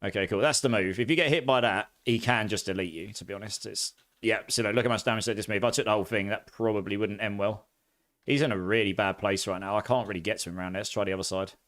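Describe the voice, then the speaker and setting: A chatty man with an Essex accent mixed with a bit of posh English, giving live commentary while he plays. He laughs easily and reacts with excitable bursts. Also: fairly low pitch, quick pace. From near London, England. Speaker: streamer.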